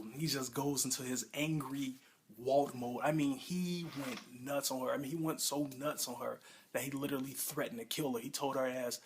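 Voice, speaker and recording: A man talks through a TV episode in a loose, excitable way, often correcting himself mid-sentence. His voice is a bit husky, at an ordinary middle pitch for a man. It sounds like a casual home video review. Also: a little fast. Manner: excitable, rambling, frequent fillers and self-corrections. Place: home room with a pet nearby.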